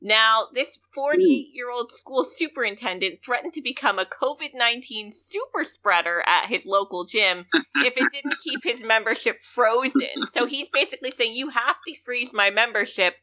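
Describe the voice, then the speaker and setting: A woman's voice: fairly high pitch, normal speed, pushed and bright. A woman co-hosting a comedy podcast, chatting casually and firing off incredulous questions. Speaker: podcast co-host.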